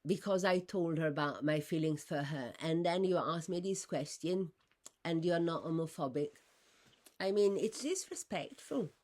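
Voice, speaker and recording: Woman, deep-pitched, unscripted monologue; halting, self-correcting, flares upward when indignant. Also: darkish tone. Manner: rambling, with many fillers and restarts.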